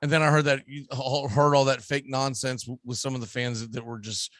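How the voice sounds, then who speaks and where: Brief: Southern US male radio host, animated and opinionated, dry studio. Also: mid-range voice, brisk, no room sound. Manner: emphatic, animated, ranting. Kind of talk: casual sports talk.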